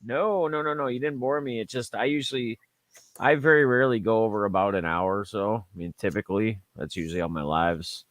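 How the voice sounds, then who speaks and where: Low-voiced laid-back male stream host. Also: a little fast, no room sound. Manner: easygoing, chatty, plugs guests to viewers. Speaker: livestream host. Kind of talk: casual livestream chat.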